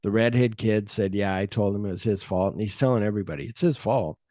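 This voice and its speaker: A man's voice: lowish voice, fast talker, dark tone, no room sound, clean studio sound. A middle-aged man hosting a podcast, retelling movie scenes in casual chat and swearing freely. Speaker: podcast host.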